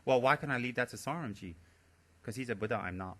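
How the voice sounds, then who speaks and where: Bright-voiced man giving a dharma talk. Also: medium pitch, fast talker. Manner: animated storytelling, laughs and teases listeners. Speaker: Buddhist teacher.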